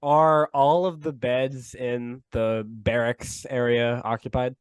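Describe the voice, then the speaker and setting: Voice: medium pitch, flat delivery, slow pace, clean tone, dry recording. A player in casual tabletop game chat, dry and wry.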